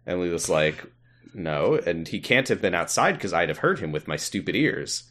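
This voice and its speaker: A man's voice: deep voice, moderate pace. A man co-hosting a podcast, casually recapping an episode and laughing as he acts out the characters. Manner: laughing, animated retelling with quoted voices. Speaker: podcast co-host.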